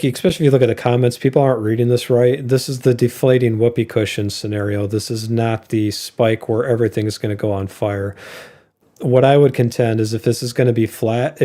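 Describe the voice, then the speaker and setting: Male co-host, warm low-key tone, loose rambling delivery. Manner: rambling explanations with fillers and laughs. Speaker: co-host of an investing show. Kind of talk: casual podcast chat.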